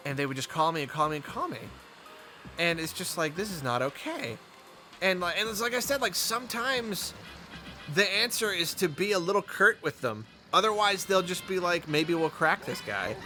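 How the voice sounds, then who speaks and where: Male gaming host, bright, somewhat high voice, chatty and rambling, faint music behind. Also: normal speed. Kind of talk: casual commentary while playing a game.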